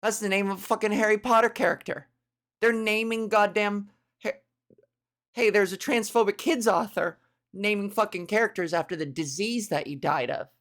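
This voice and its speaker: A woman podcast host doing a comedic monologue, crude and animated, acting out little scenes. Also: mid-range voice, normal speed. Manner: animated, crude, acts out voices.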